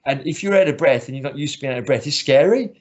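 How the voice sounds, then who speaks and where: A man's voice: fairly high pitch, animated, fast talker, darkish tone. A man who coaches martial arts, talking earnestly in a casual interview and often restarting his sentences. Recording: slightly muffled lo-fi recording.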